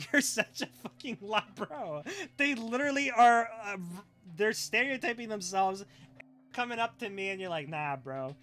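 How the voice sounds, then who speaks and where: A man's voice: sits high, normal speed, a bit bright, soft background music. A young man streaming live, reacting to clips in a profane, ranting, scoffing way.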